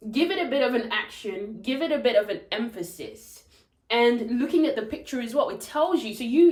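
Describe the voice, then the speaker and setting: A woman's voice: fairly high pitch, darkish tone, echoey room. A woman teacher giving chatty, demonstrative tips on telling stories to children. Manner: chatty, demonstrative, switches into character voices. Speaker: English teacher.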